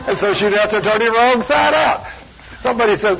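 A man's voice: high voice, fairly quick, vocal fry, slight background noise. An older man preaching a folksy sermon, plain-spoken and full of homespun stories. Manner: plain-spoken, storytelling, self-deprecating. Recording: dull lo-fi sound.

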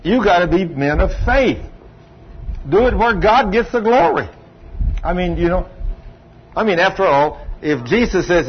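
Preacher, man, storytelling sermon, slightly high voice, dull recording with a faint hiss. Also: animated, a little slow, pauses often. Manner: folksy storytelling preacher, acts out dialogue. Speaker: pastor.

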